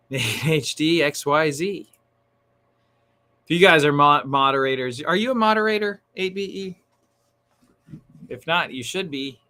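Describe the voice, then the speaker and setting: A man hosting a casual livestream, chatting excitedly and tossing in slang like "dude" and "bro". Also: fairly high pitch, takes it slowly, long pauses. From Northern California. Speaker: livestream host.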